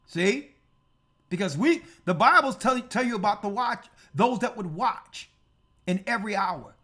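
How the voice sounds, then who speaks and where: Slow, animated church elder preaching. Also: mid-range voice. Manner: emphatic, asks rhetorical questions. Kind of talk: prophecy teaching sermon.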